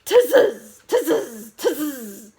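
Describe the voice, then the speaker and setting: A woman's voice: sits high, sing-song, very slow, warm tone, exaggerated voice. A woman voicing a troop of mischievous monkeys that mimic and tease in a chanted storybook refrain. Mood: mocking. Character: mischievous copycat tree monkeys.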